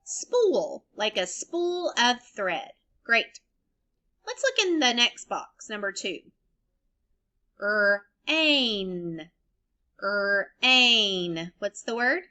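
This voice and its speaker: Bright-voiced teacher spelling slowly for kids. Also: female voice, fairly high pitch, very animated. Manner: slow, deliberate spelling and sound-blending for kids. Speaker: elementary school teacher. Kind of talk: remote phonics lesson for young children.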